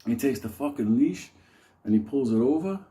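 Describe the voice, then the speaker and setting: A man's voice: medium pitch, lively intonation, moderate pace, warm tone. A man telling a rambling, profane story in a casual way, often breaking into laughter. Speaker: host.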